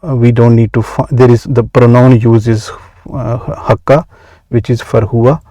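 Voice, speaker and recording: Slow-paced man teaching Arabic grammar. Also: mid-range voice, steady tone, warm tone, no echo, muffled recording. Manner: measured, many "uh" pauses, slow deliberate explanation. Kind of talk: explaining grammar from a workbook.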